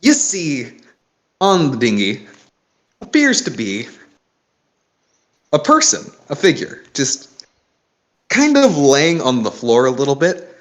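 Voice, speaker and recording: A man's voice: mid-range voice, huge pitch swings, slow, pauses often. A man narrating as game master of a tabletop game, casual and descriptive, often correcting himself.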